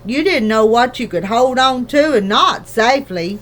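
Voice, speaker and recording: A woman's voice: fairly high pitch, animated, normal speed. A woman reading a storybook aloud, voicing a small, careful father who rambles in homely country speech. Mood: earnest. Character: small careful father, tiny borrower man.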